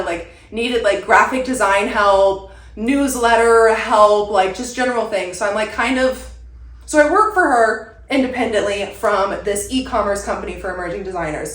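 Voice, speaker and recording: A young woman chatting casually to her viewers from a room at home, rambling and filling her talk with "like". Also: medium pitch. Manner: chatty, rambling, lots of "like" fillers. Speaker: content creator. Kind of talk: casual vlog chat. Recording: roomy echo.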